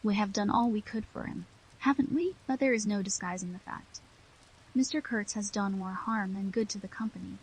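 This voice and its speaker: A woman's voice: mid-range voice, slight background noise, close to an everyday voice, rough recording. A woman reading a smug cautious company manager. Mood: officious. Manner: measured, officious.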